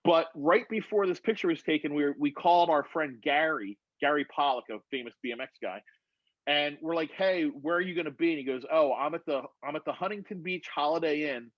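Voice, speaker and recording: A guest storyteller on a phone video call gives a rambling, animated, profanity-laced account in casual conversation. He talks fairly quickly in a somewhat high voice, and the audio has no room sound, with the highs cut off.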